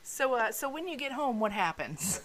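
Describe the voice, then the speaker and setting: A woman co-hosting a podcast, telling stories in a casual, animated way, sarcastic and full of swearing. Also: fairly high pitch, normal speed, a little hiss or hum. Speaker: podcast co-host. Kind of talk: casual storytelling chat.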